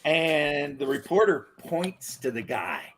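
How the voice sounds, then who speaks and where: A man co-hosting a casual podcast chat with a slightly raised pitch. He tells stories in an animated way, slipping into quoted voices and laughing along the way. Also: slow. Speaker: podcast co-host.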